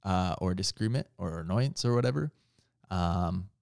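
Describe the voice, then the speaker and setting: A man with a fairly low voice talks through a casual faith conversation in an earnest way. He often trips, restarts and corrects himself mid-thought. The sound is dry and close, with no room around it. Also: lively intonation, normal speed, gravelly, a little mellow, no echo. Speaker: podcast co-host.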